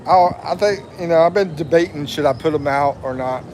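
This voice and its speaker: A man's voice: fairly high pitch, brisk, darkish tone, a little hiss or hum. A man in his fifties from the USA, hosting a casual livestream, reading viewer comments aloud and laughing often. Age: 50s. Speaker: livestream host.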